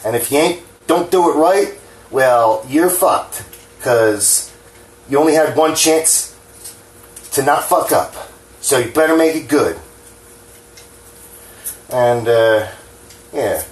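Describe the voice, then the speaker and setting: A man's voice: medium pitch, lively intonation, slow pace, pauses often. A man from New Jersey chatting casually while he cooks at home, rambling and frank, swearing freely and joking at his own expense, his hands shaking a little. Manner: rambling, frank and profane, self-deprecating. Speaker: home cooking vlogger. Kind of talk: casual rambling cooking talk. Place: home kitchen. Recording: echoey kitchen with faint clatter.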